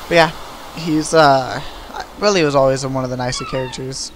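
Talking over his gameplay at normal speed with few pauses, a young man at a medium pitch gives casual let's-play commentary. He's a relaxed video creator who rambles and uses many fillers, and his home recording has a noisy background, though the game music is clear.

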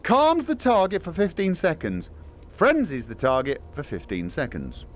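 A man giving playful, excitable running commentary while playing a VR game, chatting to a companion through a headset mic. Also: a little high, normal speed. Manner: excitable, jokey asides. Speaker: gaming streamer. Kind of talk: casual VR gameplay commentary.

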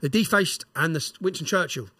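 A man's voice: a little high, brisk, sharp tone, slightly rough, no echo. A middle-aged man with an English accent, a podcast guest telling a story in an emphatic way that keeps checking in with "yeah?". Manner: emphatic, fires "yeah?" tags at the listener. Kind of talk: storytelling and ranting.

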